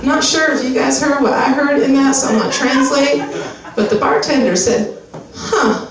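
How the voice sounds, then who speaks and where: Doing a stand-up set before a live audience, an American comic in her 30s puts on the voice of a pushy skincare advertiser. She talks high at normal speed, brash and profane in conversational storytelling, heard from far away in an echoey room amid crowd noise.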